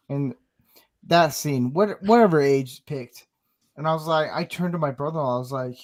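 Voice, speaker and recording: A man's voice: on the high side, normal speed, darkish tone, no room sound, clean studio sound. A man hosting a casual talk show, rambling and searching for words. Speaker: podcast host. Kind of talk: casual chat.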